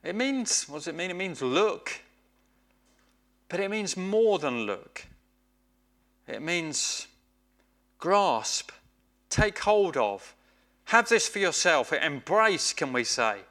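A man preaching a sermon, slow and emphatic, often repeating phrases for weight. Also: high voice, big pitch swings, pushed and bright.

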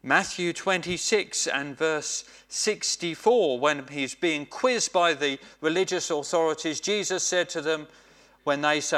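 A man preaching a sermon, slow and emphatic, often repeating phrases for weight. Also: on the high side, a bit bright.

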